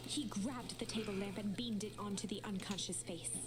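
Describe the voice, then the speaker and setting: A woman giving soft, measured, scripted storybook narration for a game. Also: mid-range voice, steady tone, close to an everyday voice.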